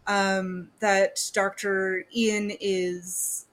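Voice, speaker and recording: Female podcast co-host, casual and giggly, medium pitch. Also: little pitch movement, drawn-out words, a bit bright. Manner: giggly, brief interjections. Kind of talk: casual film review chat.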